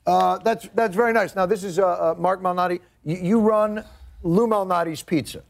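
A man with a New York accent delivering a comedic late-night monologue, mock-indignant with deadpan asides. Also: sits high, normal speed, creaky. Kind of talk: comedic monologue to a studio audience.

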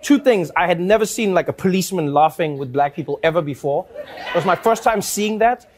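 A man from Africa, telling funny stories in an animated way, laughing often. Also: high-pitched, brisk, a little hiss or hum. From South Africa. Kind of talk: casual comic storytelling.

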